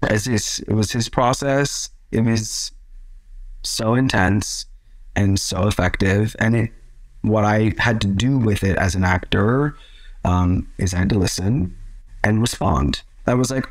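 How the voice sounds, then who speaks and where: A man, an actor, chatting as an interview guest and telling set stories with lively acted-out quotes. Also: on the low side, measured pace, no room sound. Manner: lively storyteller, acts out quotes. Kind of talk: casual interview chat.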